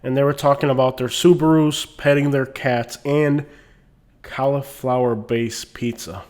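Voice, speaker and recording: A male vlogger rants in a loose, comic way. He is full of "like" and sounds mocking. His voice sits at an ordinary middle pitch. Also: fairly even intonation, a little slow, a little mellow. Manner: rambling, lots of "like", mocking. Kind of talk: casual comedic rant.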